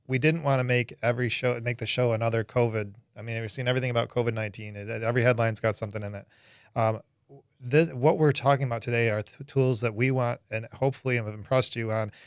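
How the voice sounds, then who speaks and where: A man co-hosting a casual conversation, earnest and halting, with frequent restarts. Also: mid-range voice, fairly even intonation, smooth, no room sound, clean studio sound. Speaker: co-host.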